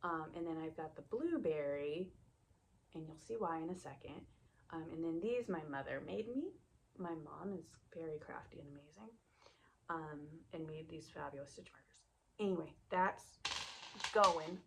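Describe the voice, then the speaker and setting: A woman hosting a knitting vlog, chatting casually and rambling, often trailing off into soft asides. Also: lowish voice, gravelly, slight background noise. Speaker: knitting podcast host.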